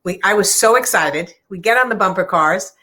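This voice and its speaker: A woman's voice: medium pitch, lively intonation, moderate pace, pushed and bright. A middle-aged woman author earnestly telling a personal story in conversation, with many fillers and restarts. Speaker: author discussing her book.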